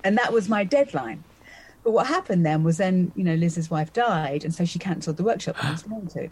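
A woman's voice: on the low side, animated, fairly quick, darkish tone, slightly rough, poor audio. A woman in her fifties, a magician guest on a podcast, telling a personal story vividly and acting out her own thoughts as she goes. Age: 50s. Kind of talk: animated storytelling in a conversation.

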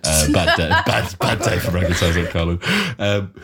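A man's voice: deep voice, measured pace, crowd noise. A man, a comedian and poet, guesting on a podcast and chatting in a playful, self-mocking way with frequent laughs. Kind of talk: casual podcast chat.

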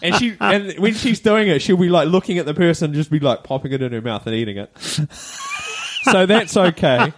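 Kiwi podcast co-host, expressive storyteller, slightly higher voice. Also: male voice, a little fast. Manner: animated storytelling, laughing through it. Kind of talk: casual chat.

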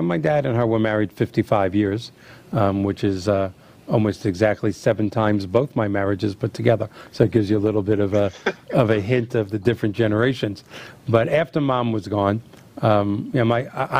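A middle-aged man hosting a chat, telling family stories and acting out the quotes with lively energy. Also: lowish voice. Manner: animated storyteller acting out quotes. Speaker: host. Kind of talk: casual storytelling chat.

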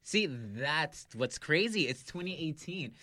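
Bright-voiced young man chiming in. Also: fairly high pitch, expressive, dry recording, studio quality. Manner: supportive, quick agreeing interjections. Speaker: podcast co-host. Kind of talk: casual chat.

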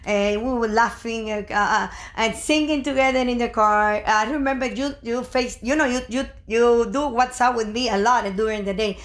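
A woman's voice: fairly high pitch, normal speed, hardly any pauses. An older woman, mother of the host, telling a rambling, emotional family story with many restarts in casual chat.

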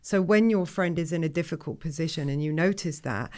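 A woman, a life coach, explaining things in a measured way during a podcast conversation. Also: low-pitched, a little mellow.

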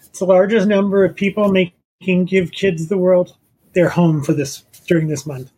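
A podcast co-host giving a brisk charity update in casual chat, reading out facts and figures. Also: mid-range voice, fairly even intonation, dark tone, breathy edge.

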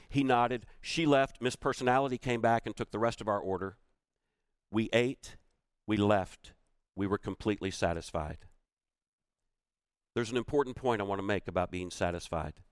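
A man's voice: lowish voice, normal speed, clear, resonant tone, no echo. A middle-aged man giving a storytelling keynote talk, acting out the quoted voices of the people in his story. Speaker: keynote speaker.

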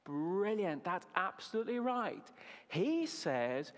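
A man leading a children's talk in a church service, his pitch bouncing widely as he asks the young listeners questions and praises their answers. His voice sits on the higher side for a man, and the long reverb of a large hall trails behind every phrase. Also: very animated, a little slow. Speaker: preacher at a family service.

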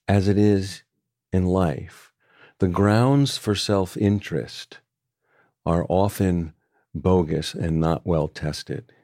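A man with a deep voice speaks reflectively in a conversation, taking his time and circling back on his phrases. His tone is warm and mellow. He sounds close to the mic in a dry, dead space. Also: dry recording. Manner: thoughtful, unhurried, with frequent restarts. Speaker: author guest.

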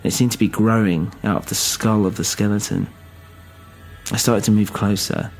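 A man telling a first-person horror story in a plain, steady way, with hesitant stammers. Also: fairly low pitch, normal speed, faint music behind.

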